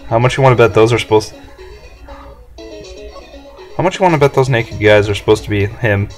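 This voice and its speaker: A man's voice: lowish voice, fairly quick, faint music behind. A man giving casual let's play commentary with jokey, goofy asides.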